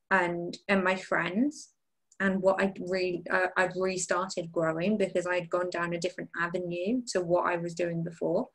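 A woman's voice: fairly low pitch, rough recording. A woman guest on a podcast, speaking openly about personal matters, thinking aloud and restarting phrases. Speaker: guest, content creator and diving instructor. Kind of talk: casual podcast chat.

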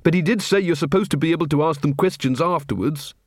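A man voicing a sharp, calm young woman recruit. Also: a little high, fast, no room sound, clean studio sound, pitched above the performer's own voice, natural voice. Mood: reasonable.

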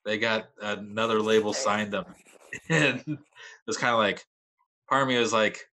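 A man's voice: fairly low pitch, moderate pace, pushed and bright. A man in his thirties, a podcast guest, telling stories in a rambling, laid-back way. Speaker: podcast guest, metal vocalist. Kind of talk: casual storytelling chat.

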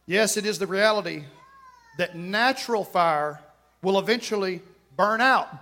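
Male pastor, high tenor voice, church sermon, fervent, chats with the congregation between loud exclamations. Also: a little slow. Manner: fervent preaching that swings from quiet asides to loud exclamations; conversational, jokes with the congregation.

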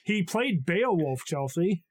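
A man's voice: sits high, big pitch swings, takes it slowly, no room sound. A man co-hosting a podcast in casual chat, with dry, sarcastic humor. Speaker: podcast co-host.

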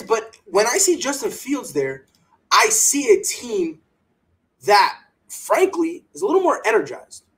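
A man with a high voice hosts a sports podcast, heard on a rough recording. His rants are animated and heated, full of strong opinions and mocking quotes delivered in a put-on voice.

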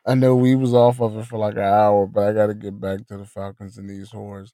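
A man's voice: on the low side, level tone, brisk, warm tone, no echo, clean studio sound. A man hosting a casual podcast, talking sports in a loose, profane, joking way. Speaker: podcast host. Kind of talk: casual chat.

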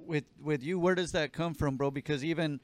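Smooth-voiced man hosting a podcast. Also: fairly high pitch, a little fast. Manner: laid-back, profane, agreeing, rambling questions. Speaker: podcast host. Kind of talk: casual podcast interview.

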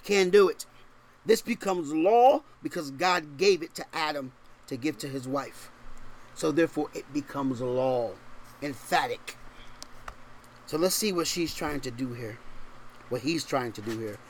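A male pastor preaching a sermon, emphatic, swinging from loud stressed points to quiet asides and often checking in with rhetorical questions. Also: measured pace, pauses often, a little hiss or hum. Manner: shifts between raised, forceful stresses and low, quiet asides.

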